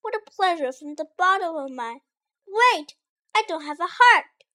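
A weary, gentle tin man from a storybook, read by a woman greets people with courteous politeness. His lines come out quick and fairly bright. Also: very high-pitched, expressive, exaggerated voice. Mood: polite.

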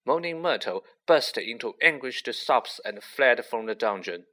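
A man reading a storybook aloud at an unhurried pace. His voice is bright and lively, rising and falling expressively. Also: mid-range voice. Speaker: narrator. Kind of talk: audiobook reading.

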